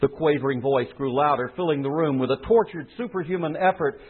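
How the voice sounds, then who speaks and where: A male preacher gives an earnest, emphatic sermon in a slightly high voice. His tone is husky, and the recording is tinny and phone-like. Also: fairly quick.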